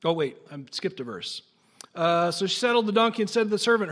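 Male pastor with a high voice, relaxed and jokey between readings. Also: fairly quick. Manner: casual, jokey asides between dramatic reading. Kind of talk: sermon with scripture reading.

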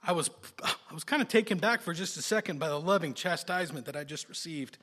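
A man preaching a sermon, telling personal stories in a folksy, animated way with sudden loud bursts. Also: fairly high pitch, fast.

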